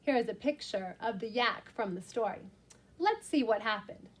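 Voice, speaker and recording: A woman's voice: a little high, animated, moderate pace. A woman teacher reading a picture book aloud to young children, explaining words simply and with expression.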